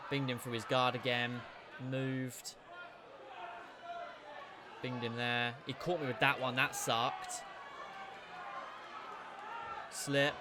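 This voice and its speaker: A man's voice: medium pitch, slow, pauses often, a crowd in the background. Man breaking down his own fight. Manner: animated, self-critical play-by-play. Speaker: boxing video creator. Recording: noticeable background noise.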